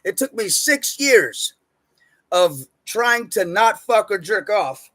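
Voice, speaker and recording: A man with a high-pitched voice gives an unscripted, preachy motivational rant. He talks with a lot of profanity, jumping from loud, emphatic bursts to muttered asides. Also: sing-song, takes it slowly. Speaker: self-help speaker.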